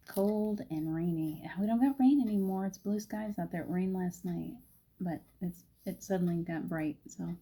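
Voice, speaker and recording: A woman's voice: lowish voice, mellow, husky. A woman hosting a chatty spiritual live stream and guiding a meditation, laughing often. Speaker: spiritual host.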